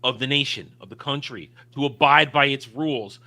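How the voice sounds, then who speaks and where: A man's voice: medium pitch, normal speed, sharp tone. A man co-hosting a casual film discussion, talking emphatically and opinionatedly with frequent restarts. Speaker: podcast co-host.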